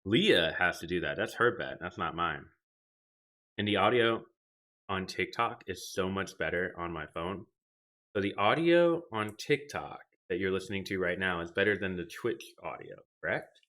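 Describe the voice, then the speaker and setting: Low-voiced young man chatting on stream. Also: expressive, moderate pace, a bit bright. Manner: rambling, talks to chat and reads out comments. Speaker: live streamer. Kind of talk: casual live-stream chat with viewers. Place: home gaming setup. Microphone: desk microphone.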